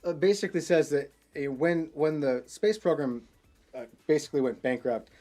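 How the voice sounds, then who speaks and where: A man's voice: a little high, normal speed, dark tone, faint music behind. A man co-hosting a tech chat show, telling a story in a rambling, casual way with many restarts. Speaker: podcast co-host.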